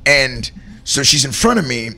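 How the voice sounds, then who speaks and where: Man, earnest storyteller, bright forceful tone, rambles with lots of "like" and "man". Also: mid-range voice, very animated, moderate pace, vocal fry. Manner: earnest, rambling, heartfelt, says "man" and "like" a lot. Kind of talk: candid storytelling in conversation.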